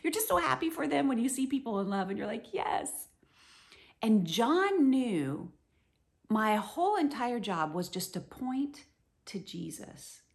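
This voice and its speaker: A middle-aged woman giving an earnest, animated devotional Bible teaching, with many "you know"s. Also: fairly high pitch, measured pace, creaky.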